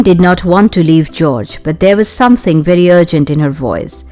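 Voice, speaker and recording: A woman's voice: moderate pace, few pauses, soft background music. Woman narrating a children's adventure story. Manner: expressive, raises her pitch for the children's lines. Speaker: audiobook narrator. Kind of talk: storybook narration with character voices.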